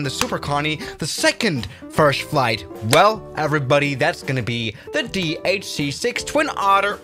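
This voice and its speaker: A man chatting excitably through a flight simulator livestream, often restarting his sentences. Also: high voice. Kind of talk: casual livestream commentary.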